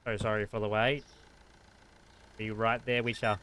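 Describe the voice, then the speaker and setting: A man's voice: fairly low pitch, level tone, normal speed, sharp tone, a little hiss or hum. A man streaming a store game, greeting customers in a shopkeeper voice and talking to himself, with frantic bursts when it gets busy. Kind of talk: casual gameplay chat.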